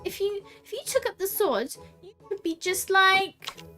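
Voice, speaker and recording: A woman voicing an eager, excited young child. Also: very high-pitched, measured pace, soft background music, pitched above the performer's own voice, heavily acted. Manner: eager, earnest.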